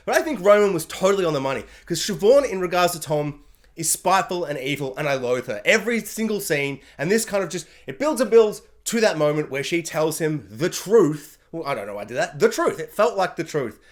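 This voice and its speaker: Excitable high-voiced man gushing. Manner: excitable, gushing, mimics characters in quick bursts. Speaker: reviewer. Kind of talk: animated TV review rant.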